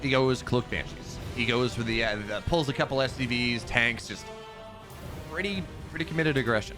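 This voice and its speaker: A man casting a live strategy game match, chatty and self-mocking, rising with excitement on plays. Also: mid-range voice, moderate pace, over music. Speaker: esports caster.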